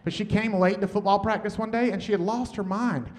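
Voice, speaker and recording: A man performing a stand-up comedy set on stage, deadpan, with muttered asides. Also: sits high, fairly quick. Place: comedy stage with laughing audience. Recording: noisy stage recording.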